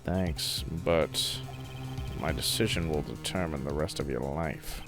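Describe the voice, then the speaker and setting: A man's voice: very deep voice, measured pace, over music, voice pushed down. A man voicing an earnest young male defense lawyer who speaks hesitantly.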